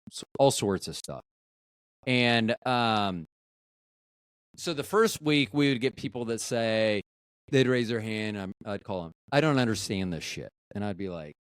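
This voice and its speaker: A man's voice: mid-range voice, clean tone, no room sound, clean studio sound. A man hosting a podcast who asks long questions and tells stories from his past work, acting out quoted lines. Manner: chatty storyteller, acts out quoted lines. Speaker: podcast host. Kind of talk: casual podcast interview.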